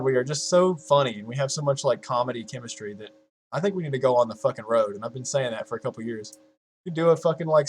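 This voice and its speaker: A young man in his early twenties talks to his viewers at a home desk mic in a loose, rambling way. He swears constantly, trails off into restarts and breaks into laughs at his own jokes, all in a mid-pitched voice. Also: a little hiss or hum. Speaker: YouTuber. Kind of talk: casual chat to viewers.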